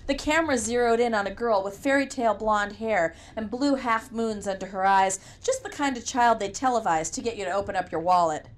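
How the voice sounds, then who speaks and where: A woman's voice: mid-range voice, brisk, few pauses. A woman reading a novel aloud in first person, with a wry, conversational storytelling manner. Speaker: audiobook narrator. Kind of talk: first-person audiobook narration.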